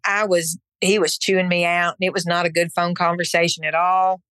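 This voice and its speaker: A middle-aged woman at a podcast mic tells a personal story of faith in an earnest, emphatic voice. She acts out her own past words, and her pitch sits in the middle for a woman. The recording is close and dry, with no room sound. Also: fairly bright tone, dry recording. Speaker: podcast guest. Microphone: podcast microphone.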